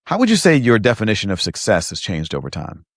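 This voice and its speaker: A man hosting a podcast interview in a relaxed conversational way, often affirming his guest. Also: lowish voice, quick pace, no echo, clean studio sound. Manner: affirming, conversational, frequent "mm" and "yeah". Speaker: podcast host. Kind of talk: casual interview chat.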